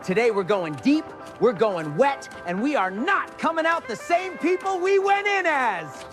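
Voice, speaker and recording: A man's voice: extremely high pitch, big pitch swings, unhurried, exaggerated voice. A man voicing an overexcited male water park tour guide with showman announcer patter. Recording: music bed behind voice.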